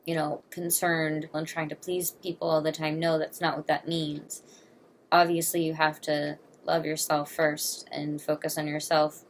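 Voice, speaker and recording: A woman's voice: low-pitched, slight background noise. A woman in her twenties talking earnestly and candidly to camera in a personal confessional vlog, emotional and blunt. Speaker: vlogger.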